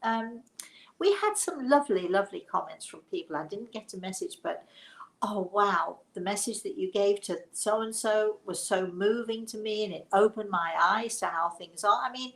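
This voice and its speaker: A woman's voice: medium pitch, moderate pace, a bit bright, poor audio. A woman hosting a live stream as a psychic medium, chatting casually and rambling with frequent laughs and restarts. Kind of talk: casual live webinar chat.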